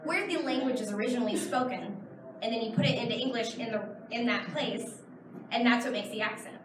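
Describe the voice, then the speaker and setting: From a camera far back in the audience comes a Texan woman in her thirties, answering panel questions in a large convention hall. She talks fairly fast in a highish voice, chatty and rambling with many fillers. The sound is reverberant, with a noisy background.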